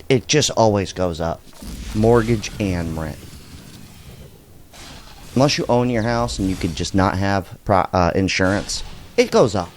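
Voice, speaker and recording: A middle-aged man hosting a casual reaction video, talking in an animated, blunt way and swearing freely. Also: fairly low pitch, slight background noise. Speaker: commentary video host.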